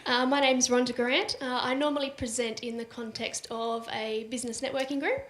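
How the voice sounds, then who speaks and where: A woman's voice: fairly high pitch, fairly even intonation, fairly quick. Hesitant, nervous woman in an echoey room. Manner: hesitant, with fillers. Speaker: workshop participant. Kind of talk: self-introduction. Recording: echoey room with faint noise.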